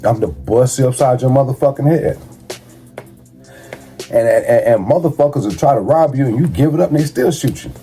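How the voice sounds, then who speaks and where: With music behind him, a man speaks at a moderate pace in a warm, mid-range voice with lively intonation. He gives advice casually and bluntly, his monologue loaded with swearing and street slang.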